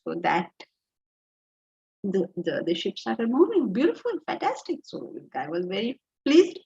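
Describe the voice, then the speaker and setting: A woman with an Indian accent teaching a spiritual lecture, telling stories with lively energy and dropping into Hindi phrases. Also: on the low side, measured pace, vocal fry. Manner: animated storytelling, slips into Hindi phrases. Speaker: Vedanta teacher. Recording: dull lo-fi audio.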